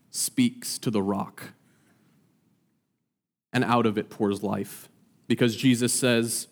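A man's voice: a little slow, darkish tone. A man preaching a sermon in a conversational way, acting out the people he quotes. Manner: conversational, acts out quoted voices with rising pitch.

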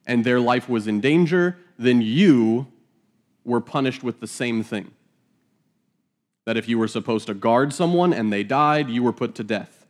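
A man reading scripture aloud and teaching it verse by verse, in a casual, joking manner with laughing asides. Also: medium pitch. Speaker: Bible teacher.

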